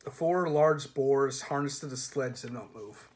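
A man reading a comic fantasy novel aloud with lively narration. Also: medium pitch, a little slow. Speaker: reader.

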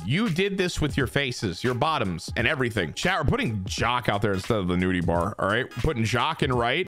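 Playing a baseball video game, this male streamer gives loose, jokey commentary full of profanity. He's animated throughout, and his pitch swings widely.

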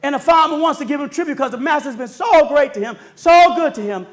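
A male preacher delivers a sermon with a very high-pitched voice. He preaches emphatically, trades call-and-response with his listeners and climbs to shouted peaks. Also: quick pace.

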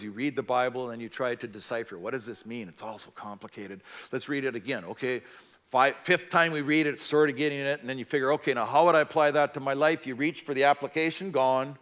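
A middle-aged man preaches at a church, recounting his own conversion in an earnest, folksy way. His voice sits at an ordinary middle pitch, and he drifts into casual asides as he talks. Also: fairly bright tone. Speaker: guest speaker. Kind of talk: personal testimony sermon.

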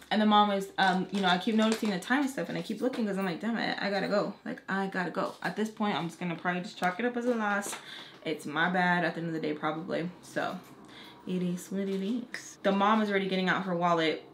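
A woman, a makeup artist and beauty vlogger, telling a casual story time with lively delivery, casual slang and the odd curse word. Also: medium pitch, quick pace, slight background noise.

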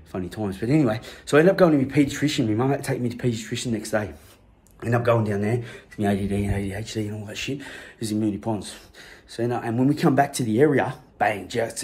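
A man's voice: lowish voice, darkish tone. A man with an Australian accent, telling a personal story in a rambling, slang-heavy way full of swearing. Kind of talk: casual anecdote telling.

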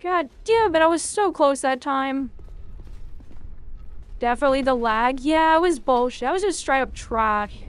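A young woman streaming a video game, reacting loudly, cursing and cheering at each moment of play. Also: high-pitched, moderate pace. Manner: excitable, swears a lot, reacts loudly to the game. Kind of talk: live gameplay commentary.

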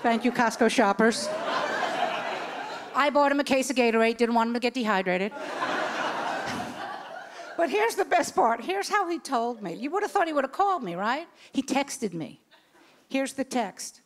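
A woman's voice: on the high side, moderate pace, pauses often, noisy background. A woman in her sixties doing a stand-up comedy set, telling brash stories and acting out the voices in them. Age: 60s. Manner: brash, animated storytelling with acted-out voices.

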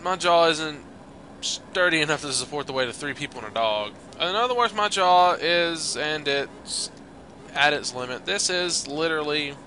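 Cheeky talking snake, voiced by a man, chatty and jokey, bright tense tone, lively pitch. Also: normal speed, a little hiss or hum. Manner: jokey, chatty reading with laughs. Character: talkative male rope snake, chummy and cheeky. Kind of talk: reading game dialogue aloud.

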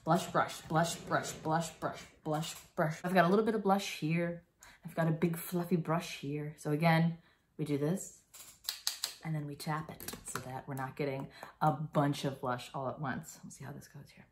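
A woman's voice: low voice, fairly even intonation, moderate pace, slight background noise. A young woman giving a casual, playful stage makeup lesson for kids, chatty with many fillers and silly sound effects. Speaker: makeup tutorial teacher.

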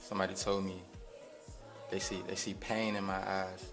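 A young man speaking to his late father in a halting, slang-heavy vlog monologue, close to tears. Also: low voice, little pitch movement. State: on the verge of tears. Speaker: vlogger. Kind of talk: grieving monologue to camera. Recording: music playing under the voice.

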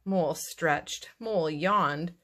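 A woman reading a children's storybook aloud in a lively, expressive way. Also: sits low, slow. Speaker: narrator.

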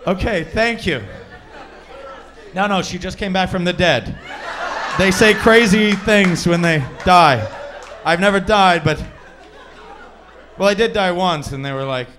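A man's voice: sits high, unhurried, long pauses, a bit bright, some chatter behind. A man performing a stand-up comedy set on a comedy club stage, brash and crude, teasing the audience as he goes.

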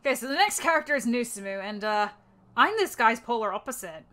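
A woman's voice: a little high, expressive, quick pace, noisy background. A woman with an Australian accent chatting casually between audition takes, swearing a lot and joking at her own expense. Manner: swears a lot, self-mocking and giggly. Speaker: voice actor auditioning.

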